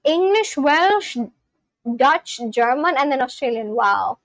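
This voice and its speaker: A woman's voice: high voice, sing-song, slow, a bit bright, no echo, poor audio. A woman live-streaming, chatting casually with her viewers as she reads and answers their messages.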